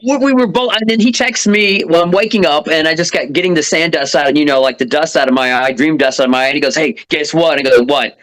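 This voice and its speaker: A man's voice: a little high, quick pace, few pauses, fairly bright tone. A man chatting as a podcast guest, rambling and joking as he tells stories. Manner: rambling, jokey, laughs often. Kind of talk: casual podcast chat.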